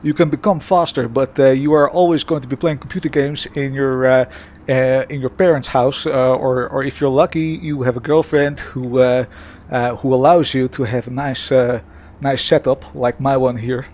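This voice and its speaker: A man's voice: medium pitch, fairly even intonation, moderate pace, hardly any pauses, a little mellow, natural voice. A man putting on a Dutch accent to play a sarcastic mock presenter of a gadget, with a smug salesman tone and many hesitations. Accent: put-on Dutch. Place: home sim-racing setup.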